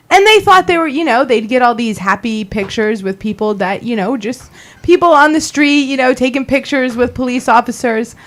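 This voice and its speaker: A woman's voice: on the high side, animated, normal speed. Female talk radio host, steering the chat. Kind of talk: casual political talk radio banter.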